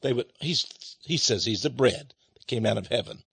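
A man's voice: medium pitch, normal speed, creaky, a bit bright, slightly rough, no room sound. A man preaching a sermon, reading scripture aloud and explaining it. He speaks emphatically, fires rhetorical questions at his listeners and chuckles between points.

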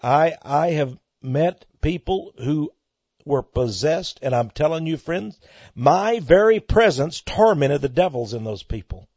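A man with a Texan accent preaching a fervent sermon, swelling loud on key words and repeating himself. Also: fairly high pitch, lively intonation, a little slow, breathy edge, no room sound. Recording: dry, muffled lo-fi recording.

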